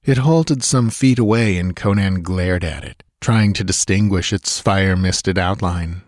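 A male audiobook narrator with a low voice, reading in a measured, steady way. The recording is dry and close, with no room sound. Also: no echo. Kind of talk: scripted narration.

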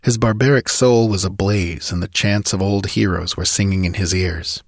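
A man with a fairly low voice reads a dramatic adventure audiobook with vivid, driving storytelling. The sound is dry and close, with no room around it. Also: steady tone, moderate pace, no room sound. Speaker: audiobook narrator.

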